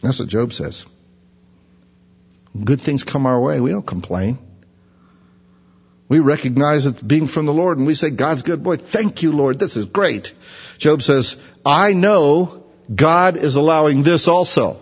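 A man preaching a conversational sermon, acting out everyday voices with a pitch jump. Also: measured pace, pauses often, breathy edge. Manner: conversational, acts out imagined voices in a higher pitch. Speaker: pastor. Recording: dull reverberant hall sound.

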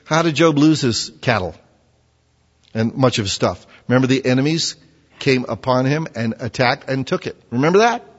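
A man's voice: medium pitch, animated, moderate pace. A man preaching a sermon in a conversational way, full of rhetorical questions. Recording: dull sound with long hall reverb.

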